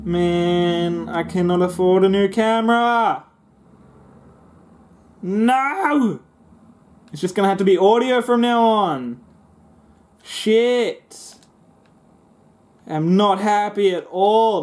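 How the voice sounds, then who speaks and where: A man's voice: sits high, darkish tone. A young man commentating a video game, swearing and grumbling with sarcastic frustration. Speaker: gaming YouTuber. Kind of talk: let's play commentary.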